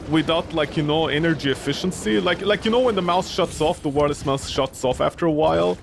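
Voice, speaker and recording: A man's voice: fairly high pitch, brisk, vocal fry, few pauses, background noise. A young man streaming a game, rambling and ranting in exasperation, swearing often and sounding weary. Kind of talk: casual gameplay commentary.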